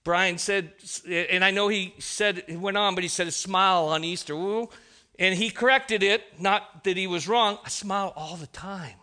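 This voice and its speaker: A man's voice: high voice, normal speed, bright, forceful tone. A man preaching a sermon, emphatic, often restarting his sentences.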